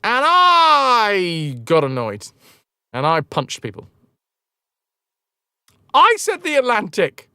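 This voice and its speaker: A man's voice: high-pitched, huge pitch swings, slow pace, long pauses, bright, forceful tone, clear, resonant tone, no room sound, studio quality. A British man chatting casually on a game livestream from home, joking and swearing freely. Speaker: game streamer.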